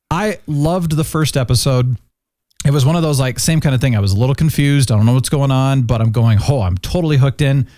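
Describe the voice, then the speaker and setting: A man hosting a casual review chat, upbeat and jokey, his pitch swinging up and down a lot. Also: a little fast, mellow, no room sound. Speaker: podcast host.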